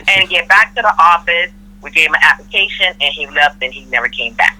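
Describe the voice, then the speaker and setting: A woman's voice: low voice, animated, a little fast, hardly any pauses, sharp tone, rough recording. A middle-aged woman from Florida telling a work story in casual chat, acting out the people she quotes. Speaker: podcast guest, mother of host.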